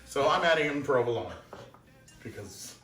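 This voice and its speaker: A man hosts a relaxed home cooking show, full of self-mocking asides and frequent laughter. His pitch swings about lively as he talks. The voice is caught from some distance in an echoey kitchen with faint music under it. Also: moderate pace. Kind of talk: casual cooking chat. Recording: roomy kitchen echo, mic far off.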